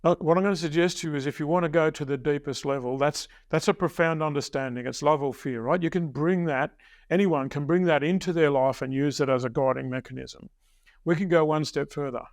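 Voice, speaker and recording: Deliberate older man, dry sound. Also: on the high side, no echo. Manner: deliberate, emphatic teacherly delivery with slowed key phrases. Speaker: success coach guest. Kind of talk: podcast interview storytelling.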